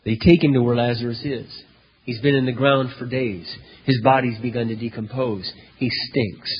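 A male pastor preaching a sermon, telling a story dramatically, with loud emphatic peaks and hushed low passages. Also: steady tone, moderate pace, husky. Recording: dull lo-fi recording in a reverberant hall.

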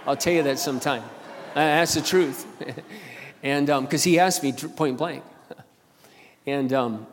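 A middle-aged man preaching a sermon as a pastor, telling stories and building to loud appeals. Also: mid-range voice, big-room sound. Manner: storytelling, swings to loud preaching.

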